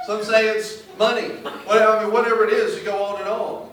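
A male preacher delivers an emphatic sermon, moving between read scripture and plain everyday paraphrase. His voice sits a little high for a man. It rings through a very echoey space from a mic set well back, with a faint hiss underneath. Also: steady tone, fast, few pauses, fairly bright tone, far from the mic. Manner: emphatic, reads scripture aloud then paraphrases it conversationally.

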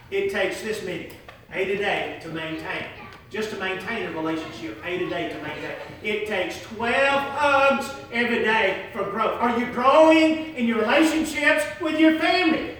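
Male preacher with a high voice. Emphatic and repetitive delivery, recorded from far off in a roomy church. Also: bright, forceful tone, a little hiss or hum. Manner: emphatic, repeats key phrases, jokes with the congregation. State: hot and sweating. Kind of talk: sermon. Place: large church hall. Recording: echoey hall, voice from far off.

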